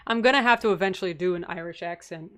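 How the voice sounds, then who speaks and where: A woman's voice: on the low side, quick pace, fairly bright tone. A young woman streaming a game, chatting casually and answering viewer questions with frequent laughs and rambling asides. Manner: chatty, giggly, laughs often between answers; rambling, with many fillers and asides. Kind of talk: casual live-stream chat.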